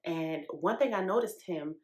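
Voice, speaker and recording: A woman's voice: lowish voice, normal speed, reverberant. A woman from New York hosting a podcast, talking straight to her listeners in a casual, emphatic, slangy monologue. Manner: emphatic and animated, talks straight to the audience with slang. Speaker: podcast host.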